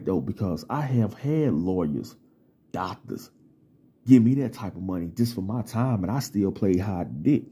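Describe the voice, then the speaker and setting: A man lectures his audience in a casual vlog monologue, streetwise and full of profanity. His voice sits low and sounds dark and mellow. It has a husky, slightly rough grain. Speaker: vlogger.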